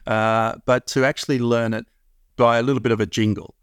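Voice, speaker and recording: A man's voice: mid-range voice, level tone, a little fast, clean tone, no room sound, studio quality. A middle-aged Australian man, a guest on an interview show, explaining at length with many restarts and fillers. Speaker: math curriculum founder, guest. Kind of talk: casual interview talk.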